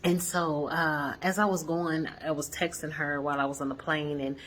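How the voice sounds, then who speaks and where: A woman's voice: deep voice, little pitch movement, moderate pace, fairly bright tone, slight background noise. A woman in her forties chatting earnestly to viewers from a hotel room, telling a personal story with lots of fillers. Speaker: vlogger. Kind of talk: casual reflective vlog.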